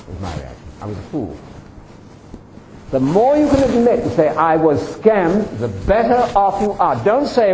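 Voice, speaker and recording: A man's voice: on the high side, very animated, moderate pace, a little mellow. An older man giving a personal testimony to a congregation, emphatic and addressing the listeners directly. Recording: roomy echo, faint background noise.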